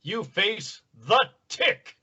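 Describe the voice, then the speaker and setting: A man voicing a bombastic male superhero, declaiming grandly and slowly. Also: high voice, expressive, pushed and bright, breathy edge, voice pushed up, full character voice. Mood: pompous. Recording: dull lo-fi sound.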